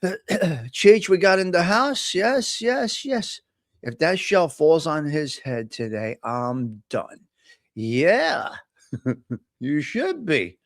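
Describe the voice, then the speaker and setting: Brief: high-voiced New Jersey man, animated livestream host, loud and teasing, close dry mic. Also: no room sound. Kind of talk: casual chat.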